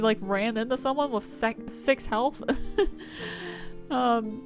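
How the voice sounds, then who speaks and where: A woman's voice: a little high, slow, soft background music. A woman streaming a game, chatting casually, giggling and swearing as she reacts. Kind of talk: casual let's-play commentary.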